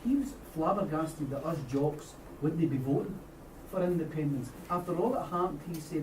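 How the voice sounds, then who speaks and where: A Scottish trade unionist makes his case in blunt, everyday speech, his voice sitting a little high for a man. He is heard from a distance across an echoey meeting hall, with steady noise under him. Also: moderate pace, hardly any pauses. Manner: blunt, colloquial, storytelling. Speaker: trade unionist audience member. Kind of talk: impassioned debate contribution. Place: meeting room at a union debate.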